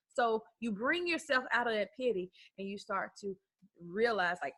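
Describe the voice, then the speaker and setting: A woman's voice: medium pitch, moderate pace, fairly bright tone. A woman life coach talking to the camera in a conversational way, asking rhetorical questions and acting out bits of self-talk.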